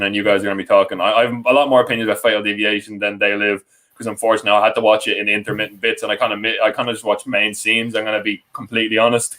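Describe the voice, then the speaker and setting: Rambling young podcast host. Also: male voice, fairly low pitch, fairly bright tone, poor audio. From Ireland. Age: young adult. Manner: rambling, self-correcting, laughing often. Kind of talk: casual live stream chat.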